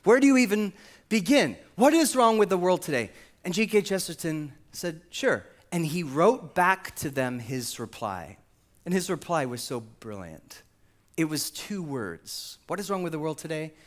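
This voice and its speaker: Male pastor, lively sermon voice, a bit high, dramatic storyteller. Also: normal speed. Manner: animated storytelling, acts out quoted voices.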